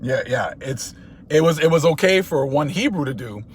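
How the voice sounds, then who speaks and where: A man talking in a casual commentary monologue, animated and laughing as he acts out little skits. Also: fairly high pitch, normal speed, a little hiss or hum. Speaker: channel host.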